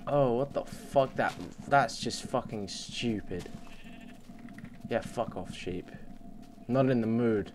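A young man commentating on his game at home, muttering and swearing, with sudden loud yells. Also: medium pitch, slow, long pauses, noisy background. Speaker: let's play gamer. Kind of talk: casual gameplay commentary. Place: home computer desk. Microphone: desk mic under the monitor.

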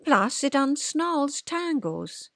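Older woman, lively and unhurried. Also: sits high. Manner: homely and conversational, with rhetorical questions. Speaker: retired counsellor and vlogger. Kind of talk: chatty explanatory vlog talk.

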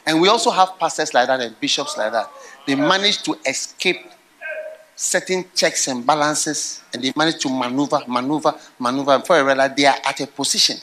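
A middle-aged man preaching a sermon, telling stories with animated swings into loud, laughing outbursts. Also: mid-range voice, a little fast, a little hiss or hum. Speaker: pastor.

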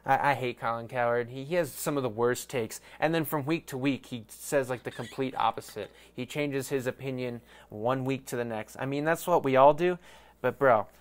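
A man's voice: mid-range voice, normal speed. Rambling, swearing man ranting about sports. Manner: rambling, swearing, self-mocking. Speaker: fan podcast host. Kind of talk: casual solo sports rant.

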